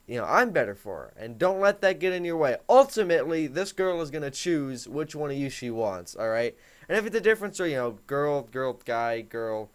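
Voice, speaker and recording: A man's voice: mid-range voice, smooth. A teenage boy hosting a comedic advice monologue, talking in a joking, mock-authoritative way. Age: teens. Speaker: host.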